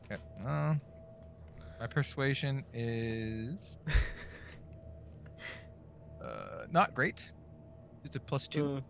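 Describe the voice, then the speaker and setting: A man's voice: mid-range voice, drawn-out words, gravelly, long pauses, fairly bright tone, a little hiss or hum. A man playing a tabletop game, talking through his character's moves casually. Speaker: player.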